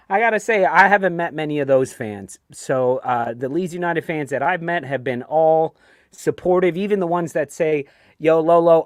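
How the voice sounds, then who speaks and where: Brief: New York man, stream host, slightly high voice, dry close sound, rambling and chatty. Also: moderate pace, dry recording. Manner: chatty, ranting, reads viewer comments aloud. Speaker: host of a fan show. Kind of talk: casual live-stream chat.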